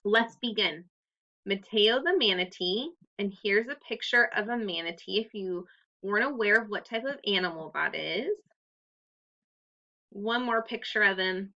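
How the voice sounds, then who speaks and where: A woman teacher giving a recorded reading lesson to young students, explaining clearly and patiently. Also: fairly high pitch, sharp tone. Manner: clear, patient read-aloud instructions. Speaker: third-grade teacher. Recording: dull lo-fi recording.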